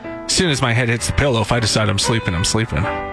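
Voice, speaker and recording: A man co-hosting a morning radio show, easygoing and quick to laugh in casual banter. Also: fairly low pitch, music in the background. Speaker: radio co-host.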